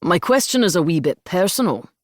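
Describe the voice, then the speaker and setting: Audiobook casting: woman narrator voicing a tentative Scottish man in middle age, slightly husky, dry. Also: on the low side, very animated, a little fast, dry recording, pitched above the performer's own voice. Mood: hesitant. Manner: polite and tentative. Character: middle-aged Scottish man, polite, hesitant.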